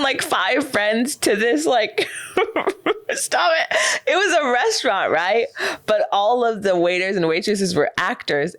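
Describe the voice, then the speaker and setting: A woman's voice: mid-range voice, no room sound. A young woman hosting a podcast, telling stories in casual chat, laughing often and acting out the people she describes. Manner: animated storytelling, laughs often, acts out voices. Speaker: podcast host.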